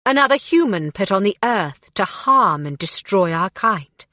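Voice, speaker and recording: A woman's voice: medium pitch, very animated, unhurried, bright, forceful tone, dry recording, clean studio sound. A woman reading an audiobook, voicing a proud, bitter female fairy ruler who speaks in a commanding, impatient way.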